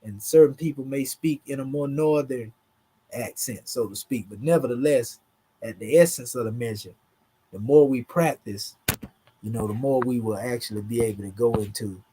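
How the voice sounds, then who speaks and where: A man's voice: medium pitch, dark tone, breathy edge. A man with a Southern US drawl giving a casual, emphatic online lesson, talking through charts in a slangy, conversational way. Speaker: teacher.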